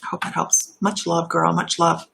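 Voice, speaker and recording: A woman giving intuitive readings on a live stream, chatty and warm, laughing at herself and drifting off topic. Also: fairly low pitch, level tone, normal speed, creaky, a little hiss or hum. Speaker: intuitive reader and shaman.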